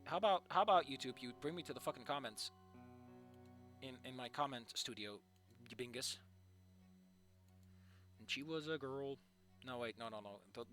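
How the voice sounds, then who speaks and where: A young man reading fan fiction aloud and critiquing it in a sarcastic, profane rant. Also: medium pitch. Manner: animated, sarcastic, profane ranting.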